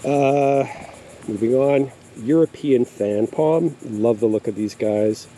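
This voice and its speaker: Speaking slowly in a medium-pitched, mellow voice, a man rambles through a casual tour of his backyard garden outside, frequently pausing on filler words. Faint insects can be heard, and the recording quality is low.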